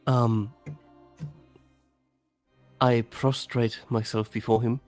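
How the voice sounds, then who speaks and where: A man's voice: medium pitch, level tone, slow pace, a little mellow, soft background music. A man playing a tabletop game, casual, stammering, and swearing. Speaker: player.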